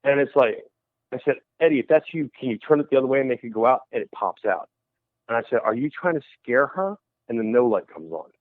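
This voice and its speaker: A man calls in over a thin, phone-quality line and tells a long investigation story. His voice sits at a middle pitch. He slips into other people's voices while he talks, and the sound is close and dry. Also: fast talker, dry recording. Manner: animated storyteller who acts out quoted voices. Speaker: paranormal investigator guest. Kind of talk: storytelling in a radio interview.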